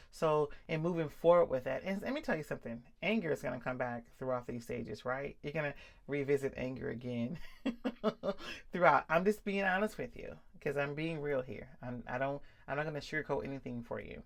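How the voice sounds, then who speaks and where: A woman's voice: low-pitched, expressive, normal speed, vocal fry. A middle-aged woman talking candidly and encouragingly to her viewers about living with vision loss. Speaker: vlog host sharing vision loss experience. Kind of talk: personal talk to camera.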